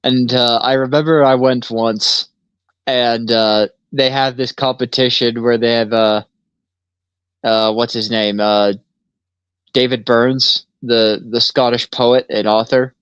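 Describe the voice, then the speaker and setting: A man's voice: medium pitch, fairly even intonation, slow pace, fairly bright tone, clean tone, no echo. A man co-hosting a casual podcast, telling stories loosely, swearing and laughing often. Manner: laid-back storyteller, swears freely, laughs often. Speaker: podcast co-host. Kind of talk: casual chat. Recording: slightly dull lo-fi sound.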